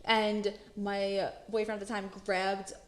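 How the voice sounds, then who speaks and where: A young woman co-hosting a podcast, telling a story in an animated way, laughing, swearing and acting out the quotes. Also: medium pitch, takes it slowly. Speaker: podcast co-host. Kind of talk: casual storytelling chat. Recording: roomy echo.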